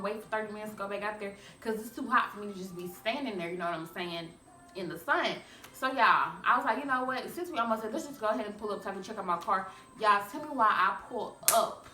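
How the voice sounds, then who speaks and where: Young woman vlogger, chatty and dramatic, talks kinda fast, bright voice. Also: medium pitch. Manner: animated, chatty, addresses viewers as y'all. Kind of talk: storytime vlog. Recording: echoey room, a bit far from mic.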